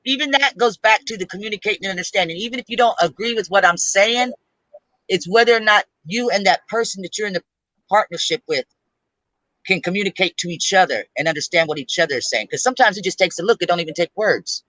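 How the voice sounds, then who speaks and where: A man's voice: sits high, quick pace, pushed and bright, no room sound, poor audio. A middle-aged man speaking bluntly and plainly on a casual panel talk, often repeating himself.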